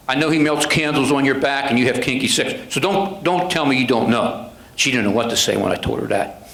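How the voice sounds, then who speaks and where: A man's voice: medium pitch, fairly bright tone. An older man, a police sergeant, telling a story to a club and acting out what a judge and attorneys said to him. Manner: retells dialogue, acting out voices of judges and attorneys. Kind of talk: anecdotal storytelling talk. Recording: echoey room.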